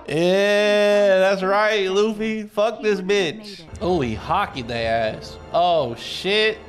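A man streaming live, reacting casually and excitably while he reads, swearing freely and breaking into sudden shouts. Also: high-pitched, drawn-out words, faint music behind.

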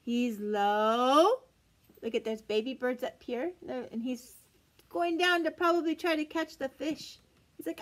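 A woman's voice: sits high, lively intonation, slow, pushed and bright. A young woman, a teacher, reading a picture book aloud to young children with gasps and exaggerated sing-song wonder. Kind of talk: read-aloud storytime.

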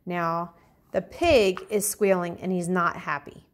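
A woman kindergarten teacher reading a picture book aloud to young children, talking clearly and encouragingly. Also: on the low side, fairly even intonation, slow pace. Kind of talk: storybook read-aloud lesson for children.

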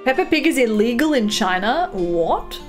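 A woman's voice: fairly high pitch, very animated, normal speed. A young Canadian woman streaming a farming game, chatting casually and reading her chat aloud with frequent giggles. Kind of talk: casual live-stream chat while gaming. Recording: clear game music under the voice. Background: game music.

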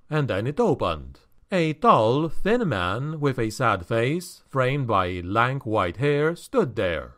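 A man with a medium-pitched voice narrates a scripted fantasy audiobook, telling the story in a measured, expressive manner.

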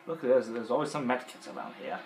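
A man's voice: medium pitch, expressive, fast talker, roomy sound, a little hiss or hum, low-quality recording. Chatty Yorkshire man playing a game. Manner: rambling, chatty, trailing off. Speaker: let's play host. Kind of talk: casual game commentary.

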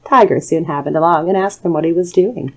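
A woman narrating a calm bedtime story in a soothing, measured way, recorded as a studio voice-over. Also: on the low side, low-quality recording.

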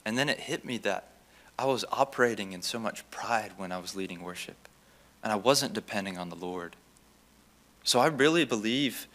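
A young man giving a chapel testimony as a student, telling his story in an animated way and acting out the lines of the people in it. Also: fairly low pitch. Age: young adult. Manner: animated, acts out quoted dialogue.

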